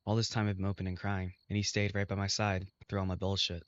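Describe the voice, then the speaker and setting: A man reads a visual novel aloud in steady first-person narration. His voice is low. The recording is dull and lo-fi, dry with no room echo. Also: fast. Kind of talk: reading a game aloud.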